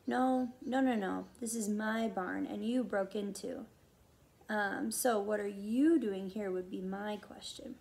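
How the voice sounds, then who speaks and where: A woman voicing a gruff, suspicious one-legged farm woman who questions a boy in blunt, teasing bursts. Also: medium pitch, fairly even intonation, unhurried, darkish tone, poor audio.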